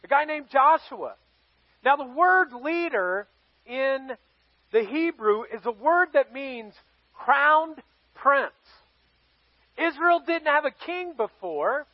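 A man's voice: extremely high pitch, animated, slow, no room sound, dull audio. A man preaching a sermon as pastor, telling a scripture story in a playful, joking way.

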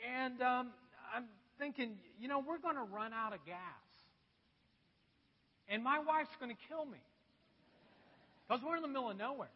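A man with a strikingly high voice delivers a sermon, spinning a funny self-deprecating anecdote for his congregation. The sound is dull and muffled, and a long hall reverb trails behind each phrase. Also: moderate pace, long pauses, slightly rough. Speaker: pastor. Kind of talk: sermon with personal storytelling. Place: church.

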